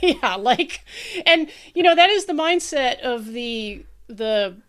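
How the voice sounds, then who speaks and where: A woman's voice: sits high, lively intonation, takes it slowly, fairly bright tone, clear, resonant tone. An American woman co-hosting a podcast, chatting casually in a frank, blunt way and swearing freely. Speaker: podcast co-host. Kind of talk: casual chat.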